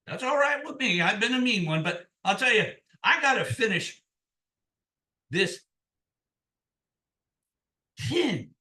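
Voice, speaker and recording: A man's voice: sits high, very animated, takes it slowly, pauses often, pushed and bright, reverberant, recorded from a distance, voice pushed up, exaggerated voice. A man voicing a crafty old blacksmith who talks in a folksy, sly drawl, in a told folk tale.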